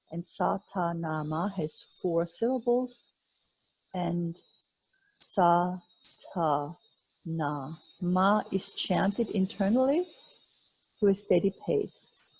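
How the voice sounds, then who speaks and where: A woman teaching a yoga class, guiding breath and meditation in a slow, calm, soothing way. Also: fairly low pitch, slightly rough, poor audio. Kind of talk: guided yoga instruction.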